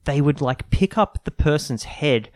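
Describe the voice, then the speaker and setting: A man's voice: on the high side, animated, a little slow, darkish tone, no echo. A man co-hosting a casual comedy podcast, explaining odd facts playfully. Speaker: podcast co-host.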